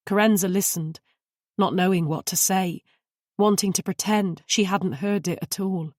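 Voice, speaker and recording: Reading from a crime novel, this woman narrates an audiobook script with a steady, measured delivery in a mid-range voice. The sound is clean studio audio, dry and free of room echo.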